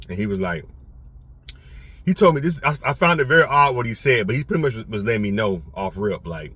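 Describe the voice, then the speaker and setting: A man talks to his viewers in a casual, emphatic and profane rant. His bright voice swings widely in pitch and has a slightly husky edge. The sound is close and dry. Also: animated, brisk, no echo. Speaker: channel host.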